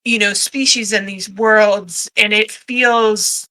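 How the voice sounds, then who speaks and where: Bright-voiced woman sharing opinions. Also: medium pitch, fairly even intonation, takes it slowly, low-quality recording. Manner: candid, hesitant starts. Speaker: podcast co-host. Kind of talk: casual book-club chat.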